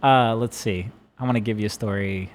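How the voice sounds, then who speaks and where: A man's voice: fairly low pitch, steady tone, fairly quick, a little hiss or hum. A man, a pastor hosting a casual chat podcast, who tells stories with animation and laughs often.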